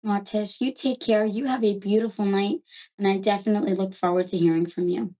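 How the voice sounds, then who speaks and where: Chatty New York woman hosting a psychic call-in, mellow and a little muffled. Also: medium pitch, steady tone. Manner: fast, chatty and affectionate, calls callers love. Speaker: psychic reader host.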